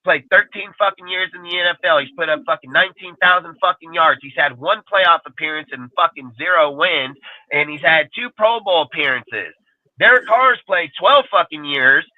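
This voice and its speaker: A man rants hard through a sports-talk argument, cursing in nearly every sentence in a somewhat high voice. His sound is tinny and phone-like, with a dry, close feel. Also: moderate pace, no room sound. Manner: profane ranting, heavy swearing. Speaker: podcast panelist. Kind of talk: heated casual sports talk.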